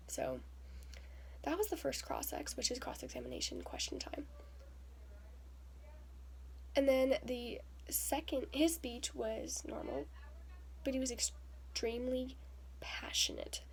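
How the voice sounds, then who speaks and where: A young woman vlogger telling a personal story in a lively way, acting out quotes with breathy asides. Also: fairly high pitch, a little slow, long pauses. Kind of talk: storytelling vlog. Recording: faint background noise.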